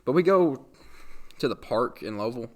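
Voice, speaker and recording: A man's voice: medium pitch, moderate pace. A young man, telling rambling childhood stories on a podcast. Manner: rambling, animated storyteller who acts out quotes. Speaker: podcast host. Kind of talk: casual storytelling.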